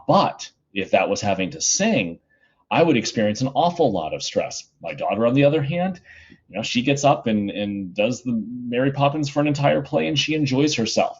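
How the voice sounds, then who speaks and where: A middle-aged male high school teacher giving a casual, chatty recorded lesson from home, with plenty of fillers. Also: dull audio.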